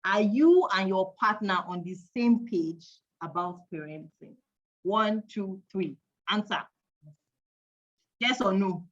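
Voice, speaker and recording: A woman hosts a lively online parenting event as a live-stream quiz, playful and chatty, counting aloud and teasing the audience. Her medium-pitched voice moves slowly, and the stream audio is dull and lo-fi.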